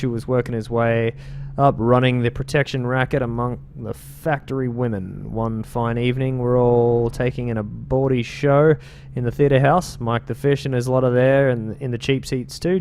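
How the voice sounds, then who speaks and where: Guy doing a rough street gang fella with a wobbly fake british accent, reading lore, bit of hiss behind. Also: medium pitch, moderate pace, darkish tone, lightly acted. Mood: storytelling. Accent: attempted British. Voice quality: slangy, loose mock-British delivery. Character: male street gang member telling tales. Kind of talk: reading game lore aloud.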